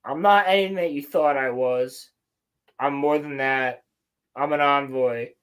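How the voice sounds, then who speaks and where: A woman voicing a scheming male villain who solemnly reveals his true identity, in a lowered voice. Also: a little slow, fairly bright tone, smooth, natural voice.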